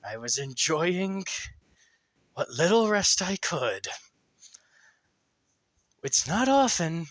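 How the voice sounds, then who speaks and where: A man's voice: fairly high pitch, a bit bright, no room sound, full character voice. A man doing a scolding archer sister. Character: stern young woman archer, protective sister.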